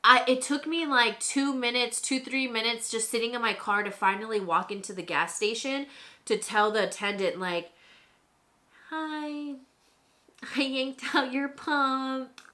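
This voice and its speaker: A woman's voice: on the high side, normal speed. A young woman telling a story in a chatty way, with many fillers, while she does her makeup at home. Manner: chatty and animated, with lots of "like" fillers. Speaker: beauty vlogger.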